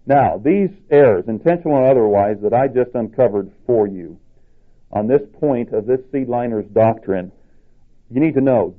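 Emphatic preacher on a tinny line. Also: male voice. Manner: emphatic, rises in pitch to stress points. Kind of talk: sermon. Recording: tinny phone-like sound.

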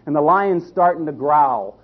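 Husky-voiced folksy preacher. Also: male voice, fairly high pitch, expressive. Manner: folksy, halting with restarts. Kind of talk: storytelling sermon. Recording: dull lo-fi recording.

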